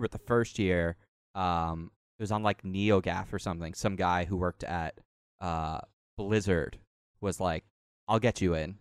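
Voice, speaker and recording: Guy in his 30s rambling about old games, lowish voice, dead dry mic. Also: smooth, dry recording. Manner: rambling, lots of fillers and laughs. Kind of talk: casual chat.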